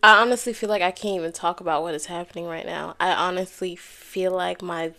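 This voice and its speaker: A woman's voice: lowish voice, steady tone, a little fast, creaky, pushed and bright. A young woman hosting her own podcast alone, talking candidly and casually into a microphone, swearing freely and often saying y'all. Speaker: podcast host. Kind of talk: casual solo talk to camera. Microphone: headphones and microphone.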